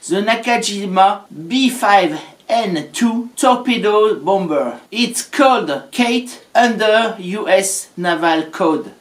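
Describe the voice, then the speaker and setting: A man from France with a French accent, a native French speaker narrating a history talk as an amateur historian in solemn, slightly halting English. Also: high-pitched. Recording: roomy echo.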